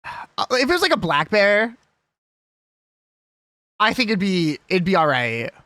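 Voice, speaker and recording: Bright, ranting, lively streamer. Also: mid-range voice, a little slow, no echo, clean studio sound. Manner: ranting, swearing, argumentative; rambling, jokey. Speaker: live streamer. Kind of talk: casual live-stream chat with chat.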